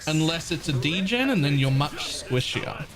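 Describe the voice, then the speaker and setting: A man's voice: fairly high pitch, sing-song, moderate pace, a crowd in the background. A man streaming a game live, casually talking through his play, swearing now and then and answering viewers' questions. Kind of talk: casual live gameplay commentary.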